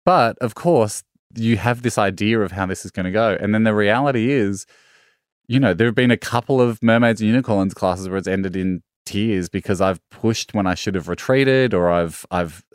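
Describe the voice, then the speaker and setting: Animated Australian man telling stories. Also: lowish voice, moderate pace, smooth, dry recording, clean studio sound. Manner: animated, self-deprecating, acts out quotes. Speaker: podcast guest. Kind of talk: casual storytelling.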